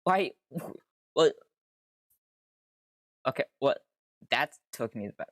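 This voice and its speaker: A man's voice: mid-range voice, lively intonation, slow pace, a bit bright, dry recording, clean studio sound. A young man streaming casually, rambling and easily sidetracked, swearing freely with exasperated outbursts. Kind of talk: casual live-stream commentary.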